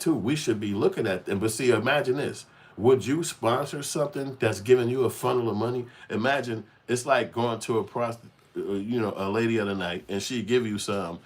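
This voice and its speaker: A man giving a blunt, heated commentary, cursing freely and acting out other people's voices. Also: fairly low pitch. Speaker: channel host. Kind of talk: unscripted commentary rant.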